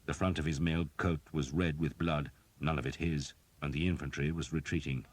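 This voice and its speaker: A man narrating a historical audiobook in a grave, steady storytelling voice. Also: a bass voice, a little fast. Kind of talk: scripted narration.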